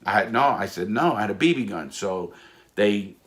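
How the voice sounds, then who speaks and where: A man recounts his own prison case in a casual, emphatic monologue, often restarting and repeating himself. His voice is on the low side and moves at a moderate pace.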